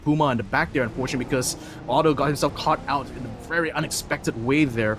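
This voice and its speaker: A man's voice: mid-range voice, background noise. A man giving live color commentary on a mobile esports match, chatty and analytical with frequent "uh"s. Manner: chatty, analytical, fills pauses with "uh". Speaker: esports caster.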